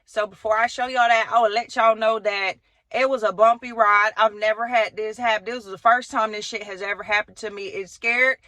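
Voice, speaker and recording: A woman, telling a storytime vlog in an animated way, talking straight to her viewers with slang and swearing. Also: on the high side, dry recording. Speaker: vlogger.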